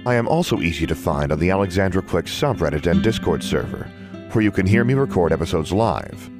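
A man narrating a fantasy novel for a podcast in a steady, even reading style. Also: low voice, a little fast, over music. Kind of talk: scripted narration.

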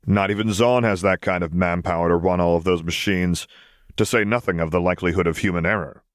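A man voicing a weary young councilman who speaks in a cold, measured, hard way. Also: low voice, fairly even intonation, dry recording, clean studio sound, natural voice. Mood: dismissive.

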